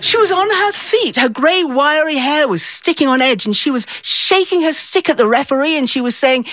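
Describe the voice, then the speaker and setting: Lively woman storyteller. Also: high-pitched, normal speed, few pauses, no room sound. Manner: animated, acts out voices of people in the story. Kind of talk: live storytelling performance.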